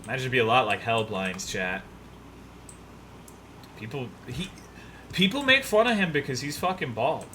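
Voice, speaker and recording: A man's voice: medium pitch, lively intonation, moderate pace, long pauses, sharp tone, slight background noise. A young man streaming a game, chatting loosely and profanely, rambling and reading chat messages aloud. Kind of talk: casual gaming stream chat.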